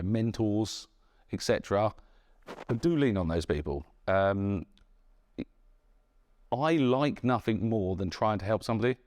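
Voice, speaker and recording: A man's voice: medium pitch, darkish tone. Middle-aged British man lecturing, frank and chatty. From United Kingdom. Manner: conversational, frank, with frequent "yeah?" check-ins. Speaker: entrepreneur giving a talk. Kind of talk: lecture to students. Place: university lecture room.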